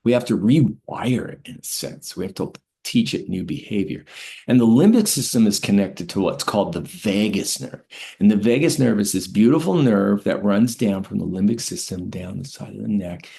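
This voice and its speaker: Deep, gravelly man guiding slow breathing. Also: animated. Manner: gentle, often checks in with "right?"; slows and softens to a hush while guiding breaths. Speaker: author and health teacher. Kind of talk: spoken lecture with guided breathing.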